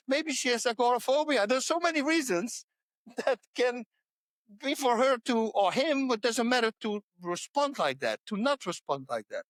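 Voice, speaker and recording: A man's voice: very high voice, a bit bright, no echo. A man talking as a podcast guest in a casual interview about faith, pressing his points home with repetition. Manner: emphatic, repeats points to hammer them home.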